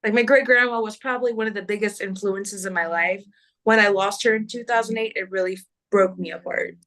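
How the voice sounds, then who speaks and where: A woman's voice: mid-range voice, steady tone, a little fast, a bit bright. A woman with a Kentucky accent co-hosting a live astrology stream in a casual, bubbly, chatty way. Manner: bubbly, uses y'all.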